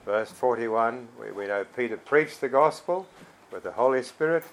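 A man preaching a sermon, pausing and repeating words, reading scripture louder than he speaks. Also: lively intonation, rough recording. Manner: slow and halting, repeats words, reads scripture louder and higher.

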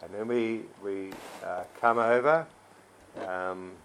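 A man preaching a sermon, pausing and repeating words, reading scripture louder than he speaks. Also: slight background noise, low-quality recording. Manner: slow and halting, repeats words, reads scripture louder and higher.

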